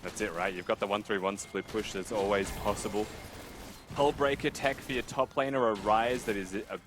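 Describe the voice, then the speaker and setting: Low-voiced male analyst commentator. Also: fairly even intonation, normal speed, background noise. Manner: thoughtful, laughs easily. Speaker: esports color commentator.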